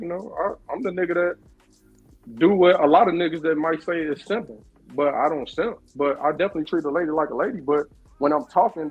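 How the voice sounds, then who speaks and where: A man's voice: fairly high pitch, slightly rough, dull audio. A man from Chicago on a podcast panel, brash and defensive in slangy debate.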